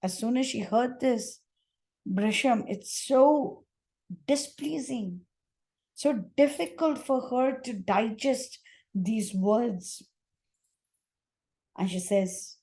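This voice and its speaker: A woman teaching a sacred epic, reciting verses and then translating and explaining them slowly with pauses and restarts. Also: a little high, warm tone. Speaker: scripture teacher.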